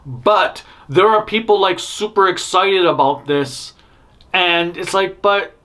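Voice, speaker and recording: A man's voice: high voice, slow, pushed and bright. Rambling man giving blunt news takes. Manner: rambling, self-interrupting, blunt opinions. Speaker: news show host. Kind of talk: casual opinionated news commentary.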